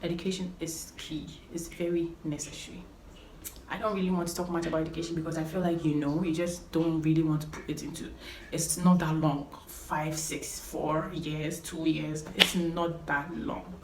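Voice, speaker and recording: A woman's voice: low voice, level tone, normal speed. A young woman talking to camera as a vlogger, giving earnest, emphatic life advice and repeating her key points. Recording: roomy echo, faint background noise.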